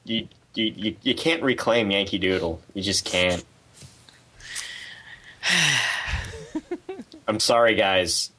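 A man's voice: fairly low pitch, takes it slowly, long pauses, pushed and bright. A man from Canada, a podcast guest, trading dry jokes in casual banter. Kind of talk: casual chat.

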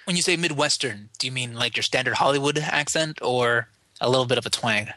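A man's voice: mid-range voice, brisk, pushed and bright, no echo. A man co-hosting a podcast, chatting casually and rambling with many fillers. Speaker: podcast co-host. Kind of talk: casual chat.

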